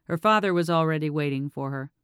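A calm audiobook narrator reading fiction with a smooth, resonant voice. The sound is close and dry, with no room behind it. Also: medium pitch, quick pace, no echo.

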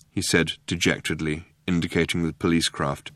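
A man doing scripted narration of an audiobook in a dry, measured way. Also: fairly low pitch, fairly bright tone, dry recording.

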